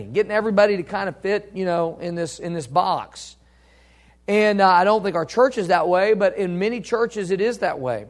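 A pastor delivering a sermon in an earnest, plain-spoken way. His voice sits high for a man, and he circles back on his points, repeating phrases and restarting often. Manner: earnest, repetitive, many restarts and fillers.

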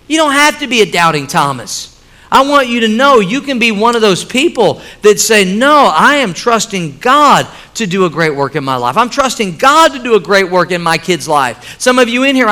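Emphatic preacher, high bright voice. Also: male voice. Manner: emphatic preaching, repeating key phrases. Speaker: pastor. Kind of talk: sermon. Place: church sanctuary with congregation.

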